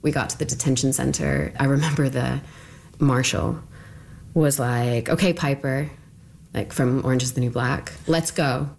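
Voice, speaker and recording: A woman's voice: very deep voice, level tone, moderate pace, creaky, darkish tone. A woman being interviewed, casually recounting what happened to her, chatty and full of "like", acting out what people said. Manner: chatty, full of "like", acts out quotes. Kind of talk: casual recounting of personal experience.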